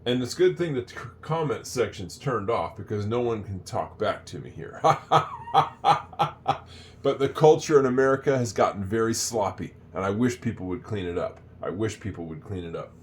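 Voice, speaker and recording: An older man talks through a basic English lesson in a somewhat low voice. He chats loosely, wanders off topic and repeats phrases slowly for learners to follow. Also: animated, a little mellow. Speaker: English teacher. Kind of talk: casual spoken lesson.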